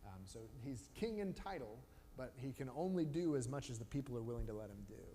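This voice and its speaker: Guy teaching bible study, chatty, acts out the characters a bit, long reverb, bit of hiss in the back. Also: mid-range voice. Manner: animated storytelling with quick voiced asides for biblical characters. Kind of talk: casual Bible study talk. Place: church room. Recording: live stream with long reverb and faint noise.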